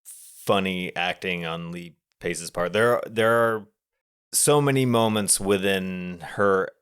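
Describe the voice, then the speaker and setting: Young male co-host, low resonant voice, laid-back scene breakdowns. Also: slow, clean tone. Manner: explains shots in long, relaxed run-on sentences. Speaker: podcast co-host. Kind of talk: casual movie review chat.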